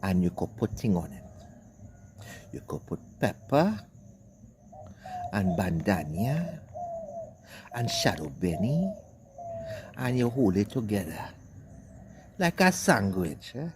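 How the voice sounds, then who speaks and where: A man's voice: fairly low pitch, very animated, slow pace, pauses often, a little mellow, a little hiss or hum. A man with a Trinidadian accent telling a rambling comic story in dialect, cussing and carrying on as an online commentator.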